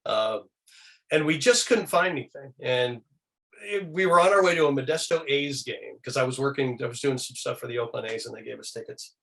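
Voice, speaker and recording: A man being interviewed as a guest, telling animated anecdotes and slipping into quoted voices. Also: a little fast, vocal fry. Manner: animated, acts out quoted voices with big pitch jumps. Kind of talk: lively anecdotal storytelling.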